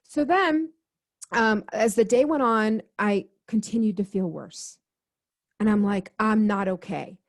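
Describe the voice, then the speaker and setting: A woman's voice: fairly high pitch, slow pace. A woman, a guest healer, earnestly telling a personal story in an interview and acting out the dialogue as she goes. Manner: earnest, quotes herself and others in dialogue. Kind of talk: conversational storytelling.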